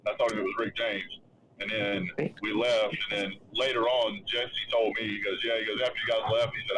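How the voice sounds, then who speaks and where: A man's voice: lowish voice, steady tone, noisy background. A man hosting a casual talk show, telling a story with many restarts and acting out what others said. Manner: halting, restarts often, acts out others' lines. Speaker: show host.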